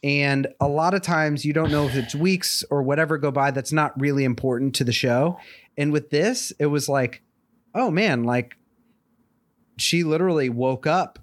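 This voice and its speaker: A man's voice: fairly high pitch, normal speed. A man co-hosting a podcast in casual chat, rambling with many fillers and restarts. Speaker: podcast co-host.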